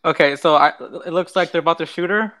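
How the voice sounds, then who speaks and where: A man's voice: on the high side, fast talker, sharp tone. A man playing a tabletop game who eagerly asks the game master questions. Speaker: player. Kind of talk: tabletop role-play chat.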